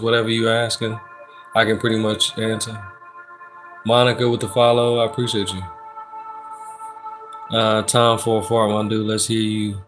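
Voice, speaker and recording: A man hosts a casual livestream of personal readings, his voice fairly low and a bit bright. He reads viewers' comments aloud in a laid-back, joking, slangy way.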